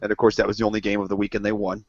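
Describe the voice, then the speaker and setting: A man's voice: lowish voice, completely flat delivery, racing. A man co-hosting a casual podcast with friends, rambling through stories, swearing freely and acting out what people said. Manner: rambling storyteller, swears freely, acts out quotes. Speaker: co-host. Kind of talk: casual banter among friends. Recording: dull lo-fi podcast audio.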